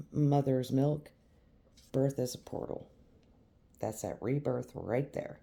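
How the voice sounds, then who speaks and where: A tarot reader speaks slowly and deliberately, with a very dark, mellow tone. The delivery is emphatic and repetitive, always addressed straight to the listener. The reading keeps circling back to the same points. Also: mid-range voice, gravelly.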